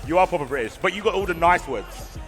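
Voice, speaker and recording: Lively, teasing male esports commentator. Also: high voice, fast talker, loud music behind the voice. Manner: playful, teasing banter. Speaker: fighting game commentator. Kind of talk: casual live tournament commentary.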